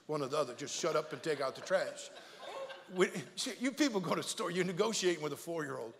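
A male pastor preaching a comic, story-filled sermon to his church, energetic and jokey, repeating himself and acting out voices. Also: on the high side, fast talker, long reverb tail. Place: church sanctuary.

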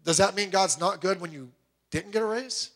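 A man's voice: high voice, normal speed, fairly bright tone. A man preaching a sermon as a pastor, emphatic and full of rhetorical questions put straight to the listeners.

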